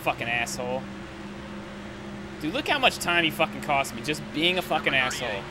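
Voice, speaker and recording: A young man with a fairly high voice gives live commentary on a racing game. He rants with exasperation and swears constantly. Loud engine noise from the game runs underneath him the whole time. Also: expressive, normal speed. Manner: profane, exasperated ranting. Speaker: gaming commentator.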